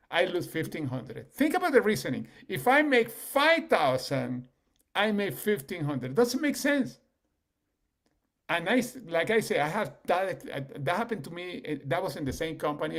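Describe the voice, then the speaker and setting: Animated man telling stories, gravelly. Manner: animated, acts out quoted people with rising pitch. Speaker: business leader. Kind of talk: storytelling in a business call.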